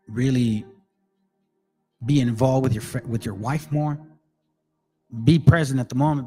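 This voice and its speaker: A man's voice: mid-range voice, a little mellow. A man hosting his own channel, talking casually and directly to viewers, swearing freely and calling them family. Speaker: channel host.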